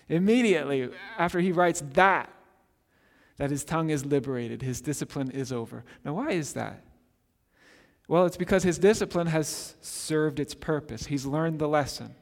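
A man preaching a sermon as pastor, telling the story in a lively way and acting out the people he quotes. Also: a little high. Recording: long hall reverb.

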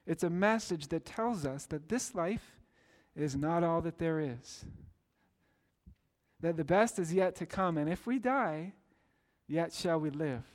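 High-voiced man preaching a sermon. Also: expressive, takes it slowly. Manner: earnest preaching with rising emphatic exclamations. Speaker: pastor.

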